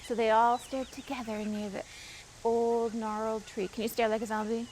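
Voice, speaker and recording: A woman, a children's librarian, reading a picture book aloud at storytime with expressive voices and asides to the children. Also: on the high side, moderate pace, a little hiss or hum, low-quality recording.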